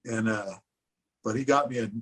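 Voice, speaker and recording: A man's voice: lowish voice, moderate pace, fairly bright tone. A man from California, a podcast guest telling a laid-back story. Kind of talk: casual podcast chat.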